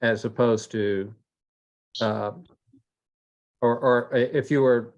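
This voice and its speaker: A man's voice: mid-range voice, steady tone, takes it slowly, dull audio. A man, a student in an online class, carefully asking his teacher a question over a video call.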